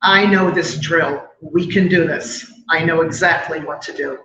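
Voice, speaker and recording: A middle-aged woman giving a personal testimony at a memorial event, measured and emotional, with pauses. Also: low voice, fairly even intonation, crowd noise. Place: live event hall. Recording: echoey hall, dull sound, noisy.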